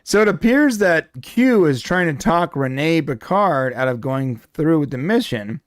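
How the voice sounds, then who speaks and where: A man's voice: fairly high pitch, very animated, unhurried, dry recording, studio quality. A man co-hosting a casual pop culture podcast, rambling and joking with frequent restarts. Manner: rambling, jokey, many restarts. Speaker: podcast co-host.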